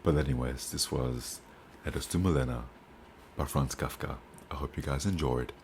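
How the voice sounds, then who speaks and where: A man reading old letters aloud and commenting on them between readings, slow and halting with restarts. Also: a bass voice, darkish tone, a little hiss or hum. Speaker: book reader and commentator.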